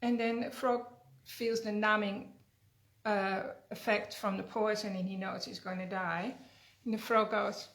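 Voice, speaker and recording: A woman healer speaking in an earnest, conversational teaching manner, weaving in a fable. Her voice sits at a middle pitch. The recording has a roomy echo. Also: fairly even intonation, measured pace, creaky, a bit bright. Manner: earnest, conversational, frequent tag questions. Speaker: energy healer. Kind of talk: teaching talk with storytelling. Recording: echoey room.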